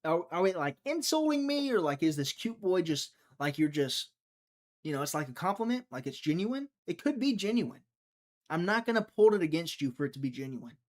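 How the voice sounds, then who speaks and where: Young man, slightly high voice, rambling live stream chat, jokey. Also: sing-song, brisk. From Mississippi, USA. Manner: rambling, jokey, reads and answers chat aloud.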